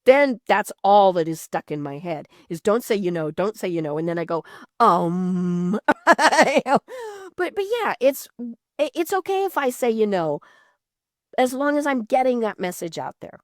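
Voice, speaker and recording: A woman's voice: fairly high pitch, big pitch swings, normal speed, no room sound, clean studio sound. A woman hosting a podcast, chatting casually with frequent fillers, restarts and laughs. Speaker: podcast host. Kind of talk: casual interview chat.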